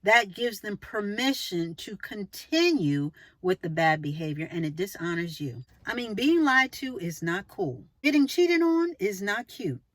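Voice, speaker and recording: Her voice is sing-song and a little slow, with few pauses and no echo. Preachy and emphatic, she gives relationship advice straight to camera, firing off rhetorical questions and voicing quoted snippets with big, exaggerated pitch leaps.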